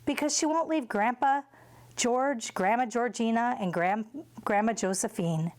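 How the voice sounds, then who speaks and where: An earnest, excitable young boy from a storybook, read aloud by a woman. His voice sits higher than the reader's own and carries a breathless eagerness. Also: unhurried, lightly acted.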